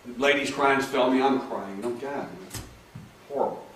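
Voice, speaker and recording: A man's voice: medium pitch, normal speed. A man telling case stories to an audience as a hypnotherapist, acting out the dialogue in raised voices. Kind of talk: talk with audience questions. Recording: echoey room, far from the mic, faint noise.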